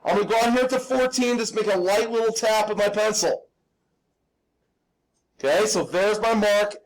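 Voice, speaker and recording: A man's voice: high-pitched, normal speed, low-quality recording. A man teaching a live hand-drawing class step by step, patient and reassuring, checking in with his students. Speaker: drafting instructor.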